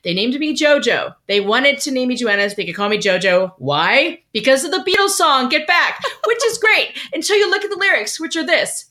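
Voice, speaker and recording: A middle-aged woman guesting on a podcast, telling a story in a wry, animated way. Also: sits high, a little fast, few pauses. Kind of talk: casual podcast chat.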